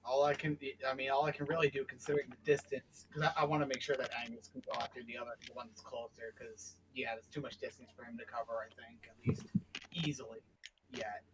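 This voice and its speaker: A man's voice: medium pitch, flat delivery, fast, noisy background. A man playing in a tabletop game, chatting casually and thinking aloud, often restarting his sentences. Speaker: player.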